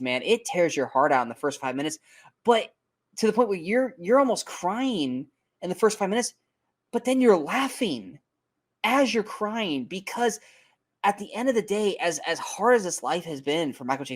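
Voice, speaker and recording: A man co-hosting a casual movie review podcast, talking in an animated, emphatic way, swearing freely and tripping over his words. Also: fairly high pitch. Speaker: podcast co-host.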